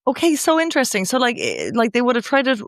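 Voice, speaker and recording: A woman hosting a casual podcast, blunt and quick to swear. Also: a little high, huge pitch swings, dry recording, clean studio sound. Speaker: podcast host.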